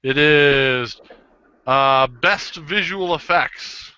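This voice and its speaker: A man's voice: fairly high pitch, very slow, sharp tone, clean tone, lo-fi sound. A man co-hosting a casual podcast, reading out nominees and joking as he stumbles over the words. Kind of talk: casual chat.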